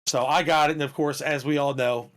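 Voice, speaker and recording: A man co-hosting a podcast who tells stories in a casual, animated way, swearing and laughing as he goes. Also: fairly high pitch, fairly quick. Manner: animated, profane, laughs through his stories. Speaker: podcast co-host. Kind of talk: casual storytelling chat.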